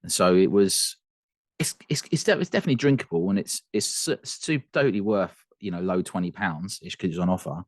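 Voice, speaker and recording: A man co-hosting a casual whisky podcast, chatty and quick to laugh, often restarting his sentences. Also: low-pitched, expressive, no room sound, studio quality. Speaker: podcast co-host.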